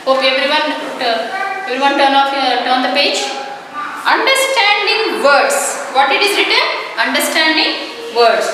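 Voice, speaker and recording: A woman teaching an online lesson to young children, slowly repeating her questions and answers. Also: sits high, animated, background noise. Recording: echoey room audio from a distance.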